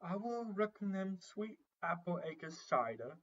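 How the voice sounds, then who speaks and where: Deferential pony waiter, halting and polite, voiced by a man, lo-fi storybook reading. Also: sits high, big pitch swings, pitched above the performer's own voice, heavily acted.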